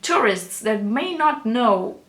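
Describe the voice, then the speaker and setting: A young woman vlogger tells a story in a rambling way, restarting sentences and swearing casually. Her slightly high, slightly bright voice is expressive and slow, and the room has a noticeable echo.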